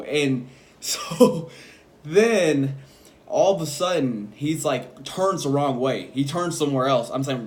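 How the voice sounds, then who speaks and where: A man in his twenties telling a story in a casual vlog, rambling and animated, laughing between lines. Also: mid-range voice, measured pace.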